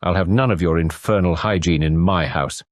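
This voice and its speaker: A man's voice: low voice, moderate pace, no room sound, clean studio sound, lightly acted. A man voicing an anxious aristocratic new father in an audiobook, with clipped upper-class banter.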